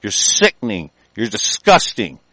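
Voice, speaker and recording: A man hosting a radio show, delivering an angry, profanity-filled monologue full of halting restarts. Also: on the low side, huge pitch swings, bright, forceful tone, no room sound, poor audio. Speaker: radio host.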